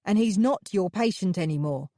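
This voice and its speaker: A woman's voice: medium pitch, animated, normal speed, mellow, no room sound, studio quality, lightly acted. A woman voicing a cold, detached male police officer who speaks in a clipped, patronizing, matter-of-fact way.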